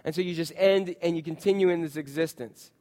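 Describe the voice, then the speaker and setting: A man's voice: on the high side, brisk, dark tone, long reverb tail. A male pastor in his thirties preaching a sermon in a church, conversational and anecdotal, acting out quotes as he tells stories. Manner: conversational, storytelling with voiced quotes.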